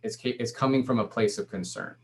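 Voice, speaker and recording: A man's voice: fairly low pitch, fairly quick. A man and startup founder, talking to an audience in a loose, conversational way full of restarts and fillers. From Latino background. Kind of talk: casual talk to an audience.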